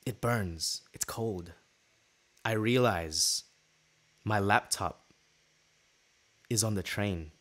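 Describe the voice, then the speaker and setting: Low-voiced man telling a story on a podcast. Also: drawn-out words, pauses often. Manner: lively anecdote telling, acting out the dialogue. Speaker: podcast host.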